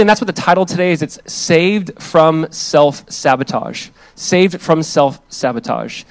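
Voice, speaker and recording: A young male pastor delivers a sermon, slipping into a lively personal story with quick asides and voiced quotes. His voice sits fairly high for a man. The sound is dry and close, with little room around it. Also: dry recording.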